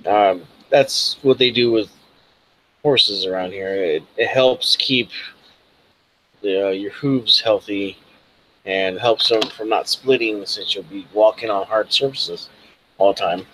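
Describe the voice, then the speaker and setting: A man's voice: fairly low pitch, slow, noisy background. A man narrating a tabletop role-playing game as game master, casual and rambling with many fillers.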